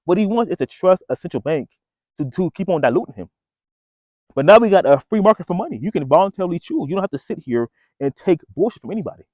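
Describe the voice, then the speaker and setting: A man talks straight to his viewers in loose, casual slang and keeps calling them bro and folks. His pitch swings a lot as he tells his story. The sound is dry and narrow, like a phone line. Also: very animated, quick pace, dry recording. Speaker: vlogger.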